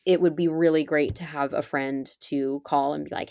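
A woman's voice: sits low, fairly even intonation, moderate pace, hardly any pauses, a little mellow, no room sound, clean studio sound. A woman on a podcast, explaining emergency preparedness step by step in an upbeat, chatty way. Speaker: podcast guest, preparedness expert. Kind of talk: casual podcast conversation.

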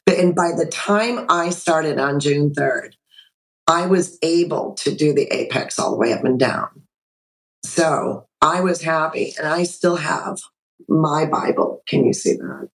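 A woman in her sixties, a podcast guest on a video call, telling a personal story in an animated way and acting out the dialogue. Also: low voice, measured pace, low-quality recording.

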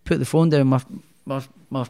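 In a clean, dark, gravelly mid-range voice with fairly even intonation, the Scottish boxer speaks at normal speed. He's the interview guest, rambling casually through his story with many restarts and fillers and a self-deprecating streak.

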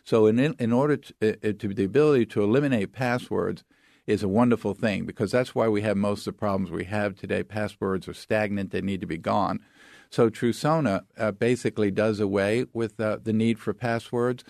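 A man's voice: fairly low pitch, brisk, vocal fry, darkish tone, no echo, clean studio sound. A man speaking as an expert guest, explaining things with step-by-step examples in an authoritative way. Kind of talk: explanatory interview talk.

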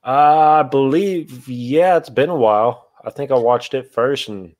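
A man's voice: mid-range voice, unhurried, a little mellow. Easygoing man guest who laughs. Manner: easygoing, laughs after his points. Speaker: podcast guest. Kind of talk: casual movie review chat.

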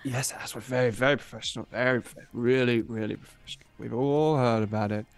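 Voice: mid-range voice, steady tone, quick pace. A player in a tabletop role-play game, talking in a bumbling, rambling way.

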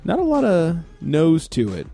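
A man hosting a casual beer podcast, relaxed and chatty, laughing often. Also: a little high, moderate pace, gravelly, soft background music. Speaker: podcast host. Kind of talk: casual chat.

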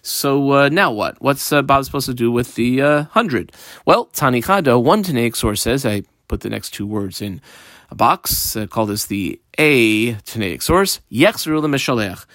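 A man teaching a Talmud page line by line in a lively, playful way, acting out the characters with modern examples. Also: mid-range voice, moderate pace, no room sound, studio quality.

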